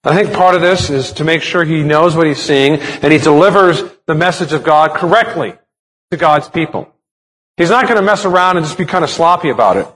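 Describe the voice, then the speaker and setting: A man's voice: on the high side, a little fast, fairly bright tone. A man preaching a sermon as a pastor, explaining a text step by step and asking rhetorical questions. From United States.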